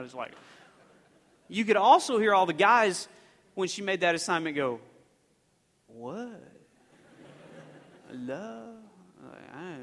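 A man's voice: on the high side, a bit bright. A man preaching a sermon, telling a story in a loose, conversational way full of restarts and fillers. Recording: long reverb of a large hall.

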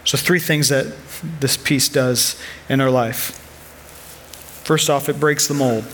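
A man's voice: medium pitch, fairly even intonation, takes it slowly, fairly bright tone, slight background noise. A man in his thirties preaching a sermon as a pastor, earnest and conversational, weaving personal stories into his message.

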